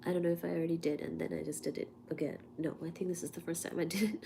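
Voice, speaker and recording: A woman's voice: fairly low pitch, steady tone, rapid-fire, vocal fry, dark tone, slight background noise. A woman hosting a casual livestream while congested with a cold, chatty and laughing at herself between coughs. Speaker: livestream host.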